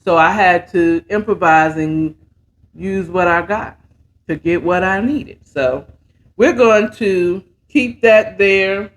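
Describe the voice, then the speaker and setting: A woman's voice: fairly low pitch, slow pace, slight background noise. A woman hosting a casual bedtime story recap, chatting in a laid-back, slangy way while mixing and sipping a cocktail. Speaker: host and storyteller.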